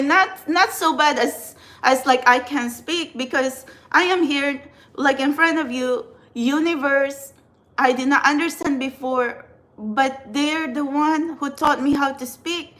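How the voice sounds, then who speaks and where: A Filipina woman with a Filipino accent, speaking in a fairly high voice as she chats to camera. She rambles earnestly and restarts her sentences often, like someone thinking out loud to her viewers. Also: slow. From Philippines. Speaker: tarot reader and spiritual channeler. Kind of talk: casual talk to camera.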